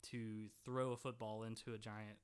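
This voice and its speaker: A man's voice: fairly low pitch, moderate pace, clear, resonant tone. A man co-hosting a podcast, chatting casually and animatedly and laughing often. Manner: animated, laughs often, quotes lines in voices. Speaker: podcast co-host. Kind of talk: casual chat.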